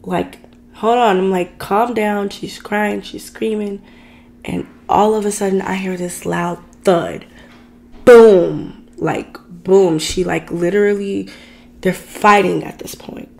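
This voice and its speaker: A woman's voice: medium pitch, fairly even intonation, unhurried, vocal fry, darkish tone. A woman vlogger telling a dramatic personal story in a chatty, ranting way, talking straight to her viewers. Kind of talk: casual storytime rant.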